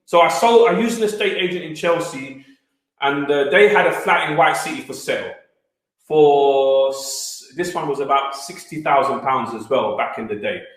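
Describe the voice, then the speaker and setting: A young man tells stories in a streetwise, animated voice that sits a little high. His asides keep pulling the crowd in. The room around him is very echoey. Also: normal speed. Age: young adult. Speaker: wealth speaker. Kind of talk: storytelling talk at a live event.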